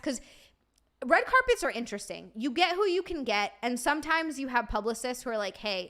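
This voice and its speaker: A woman's voice: a little high, fairly bright tone. A young woman streamer chatting casually, swearing freely and answering her live chat.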